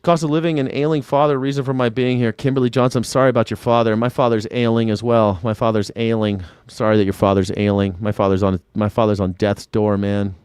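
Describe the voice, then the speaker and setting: An independent news and culture commentator casually reads viewer comments on his livestream, rambling, sarcastic and swearing constantly. His male voice is fairly low, smooth and darkish, with little pitch movement and a quick pace that hardly pauses. The sound is studio quality with no echo.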